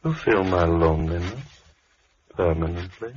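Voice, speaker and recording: A quiet, sinister recluse with slow, chilling politeness. Low voice, 1940s radio play, dull old broadcast sound. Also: male voice, slightly rough. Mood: gently sinister. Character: soft-spoken menacing lonely male recluse. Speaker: villain.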